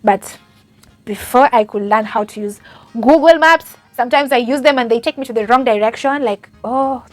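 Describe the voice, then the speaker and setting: Young Kenyan-accented woman, fairly high pitch, chatty storyteller who pokes fun at herself, soft music underneath. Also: moderate pace, no echo. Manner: chatty, self-mocking, laughs often, many fillers. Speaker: au pair. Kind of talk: casual storytelling vlog.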